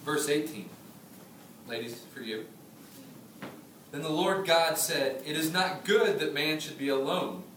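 A man in his thirties delivers a sermon with a slightly high voice, moving between scripture reading and playful, storytelling asides. He is picked up from some distance in an echoey church hall, with faint room noise behind him. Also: measured pace, pauses often. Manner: conversational preaching, humorous asides, animated storytelling. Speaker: pastor.

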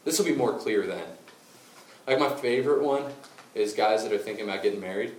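A man preaching a sermon, telling a Bible story with lively acted-out voices and then slowing into quiet, intense appeals. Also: medium pitch, slight background noise. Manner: animated storytelling, acting out quotes, dropping to quiet intensity. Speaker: pastor. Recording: roomy and distant with faint ambience.

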